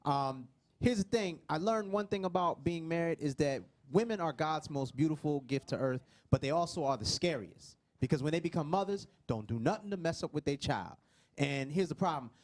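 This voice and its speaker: Storytelling male comedian, fairly high voice. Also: animated, normal speed. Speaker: stand-up comedian. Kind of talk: stand-up comedy bit.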